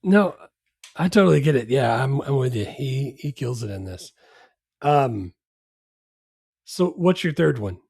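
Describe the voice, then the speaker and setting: A relaxed man chatting about movies, hesitant and full of ums, with a slightly husky edge to his middle-pitched voice. He sounds dry and close, with no room around him. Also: unhurried, long pauses, no echo. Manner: laid-back, hesitant, many ums, wry jokes. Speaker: podcast co-host. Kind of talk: casual movie chat.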